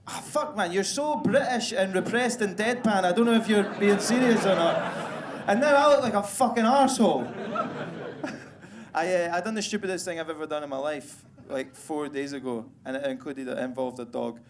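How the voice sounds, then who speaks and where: Heard in a high-pitched voice over background noise, the Scottish comic is on stage doing crude, self-mocking stand-up. Crowd ambience fills the live room as people laugh along.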